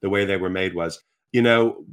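A man with a fairly low voice, talking as a guest in an interview. He tells his stories in an animated, self-deprecating way, breaking off and restarting his sentences. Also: moderate pace, clear, resonant tone. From Virginia, United States. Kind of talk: personal storytelling in conversation.

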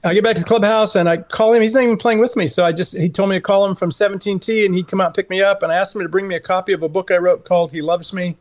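A man's voice: high voice, very fast, hardly any pauses. A middle-aged man from California, a guest author telling a heartfelt story in an interview, earnest and acting out the dialogue he recounts. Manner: earnest, animated storyteller who acts out quoted dialogue.

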